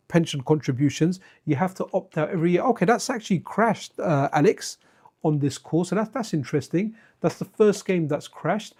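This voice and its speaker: A man's voice: high voice, warm tone. Chatty man streaming games. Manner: chatty and digressive, talks to viewers by name. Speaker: retro gaming streamer. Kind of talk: casual live-stream chat while playing.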